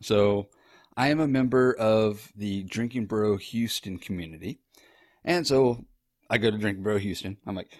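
A man's voice: fairly low pitch, normal speed, a little mellow, dry recording, clean studio sound. A young man telling a rambling, profane story about his wife in a casual, conversational way.

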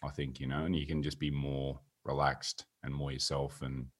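Here a man co-hosts a podcast, weighing his thoughts aloud in a measured, slightly hesitant way. His voice is extremely deep and noticeably husky. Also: level tone. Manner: measured, reflective, hesitant with fillers. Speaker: podcast co-host. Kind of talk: casual chat.

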